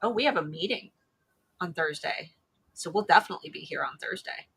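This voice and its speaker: A woman's voice: on the low side, a little fast, creaky, a bit bright, breathy edge. A woman with an Ohio accent co-hosting a casual livestream, chatty and rambling, often restarting her sentences. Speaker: co-host.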